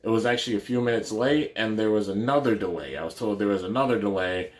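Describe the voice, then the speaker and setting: A man's voice: on the low side, fast. A man, a YouTuber, casually telling a story in a rambling way, with many fillers and restarts.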